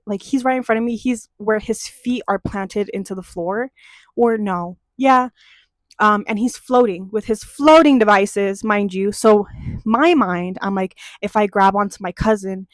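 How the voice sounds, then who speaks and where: A young woman hosting a chat show, telling a childhood story in a casual, animated way and swearing freely as she gets heated. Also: mid-range voice, no room sound.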